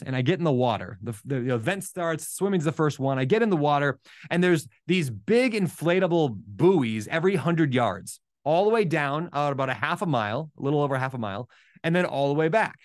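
A man telling a personal story in a casual, animated way, acting out his own thoughts as he goes. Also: medium pitch, dry recording, studio quality. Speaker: podcast host.

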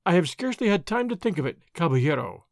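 A man reading the part of a proud, spirited young noblewoman, asking sharp, challenging questions. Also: fairly high pitch, sing-song, fast, vocal fry, no room sound, clean studio sound.

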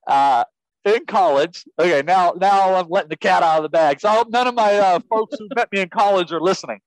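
Man, interview guest, lively storytelling, laughs a lot, dry recording. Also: high-pitched, brisk, no echo, rough recording. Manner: lively, laughs often, acts out quotes. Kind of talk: animated storytelling.

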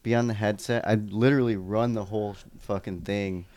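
A man with a fairly low voice talks casually on a podcast, rambling with plenty of "like" and the odd swear. The sound is close and dry. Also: steady tone, fairly quick, a little mellow, no room sound. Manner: laid-back, filler-heavy, swears. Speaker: podcast co-host.

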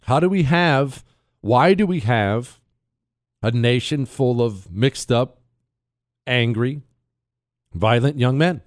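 A man hosting a talk radio show, telling stories in a casual, animated way and laughing at his own jokes. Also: medium pitch, slow pace, pauses often, dry recording, studio quality. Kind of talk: casual storytelling monologue. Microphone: studio mic.

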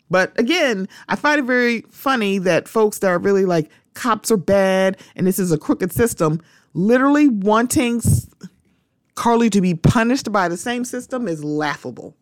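A woman hosting her own podcast, giving her opinions in a casual, animated monologue and talking straight to her listeners. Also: on the low side, no echo, studio quality. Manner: animated, repeats "the thing about it is", talks straight to listeners. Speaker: podcast host.

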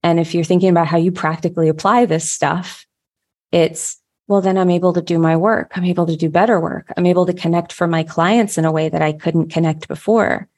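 Heartfelt storytelling woman with lower voice. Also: fairly even intonation, brisk, a little mellow. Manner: heartfelt, storytelling with frequent restarts. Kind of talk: casual conversation.

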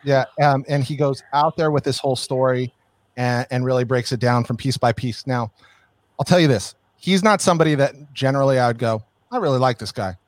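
A male podcast co-host in loose, casual conversation. He hesitates often and restarts his sentences. His voice sits at an ordinary middle pitch. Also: brisk, no room sound. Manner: hesitant, frequent restarts and fillers. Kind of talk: casual chat.

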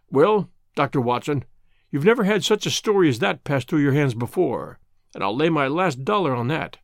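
A blunt, folksy American fugitive, telling his tale in a lively, rising and falling voice with a gravelly edge. The sound is dry and close. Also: fairly high pitch, no echo. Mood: earnest. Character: American fugitive man, older, frank and plain-spoken.

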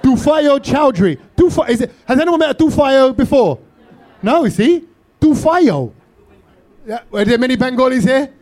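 A man with a fairly high voice hosts a comedy podcast in front of a live theatre audience. He talks into a stage mic and teases the crowd with cheeky banter. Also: expressive, normal speed, a little mellow. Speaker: podcast host.

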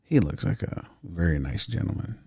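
Podcast co-host, man, lowish voice, joking and profane, dry close sound. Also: animated, moderate pace, creaky, warm tone, breathy edge, dry recording. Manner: joking, profane, laughs often. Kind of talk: casual podcast banter.

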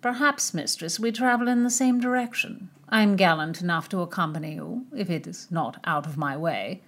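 A woman's voice: lowish voice, moderate pace, fairly bright tone. A woman voicing an arrogant, mocking young nobleman in a storybook reading. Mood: haughty.

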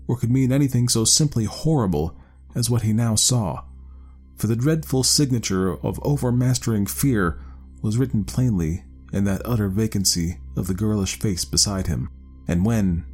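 A man narrating a ghost story in a measured, dramatic reading. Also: fairly low pitch, darkish tone, breathy edge. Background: faint music.

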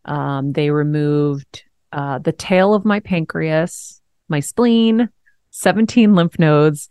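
A woman in her forties hosting a podcast, telling a personal story in a frank, animated way, laughing now and then. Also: sits low, slow pace, smooth, no echo, clean studio sound. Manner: frank, animated, swears and laughs while telling hard news. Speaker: host. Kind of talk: candid conversational storytelling.

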